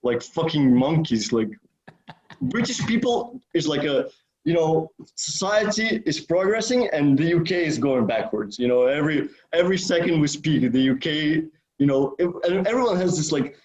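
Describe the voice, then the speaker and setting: A man's voice: fairly high pitch, lively intonation, normal speed, darkish tone, highs cut off. A man co-hosting a podcast in casual, profane chat, full of filler words. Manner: rambling, profane, many "like"s. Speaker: podcast co-host.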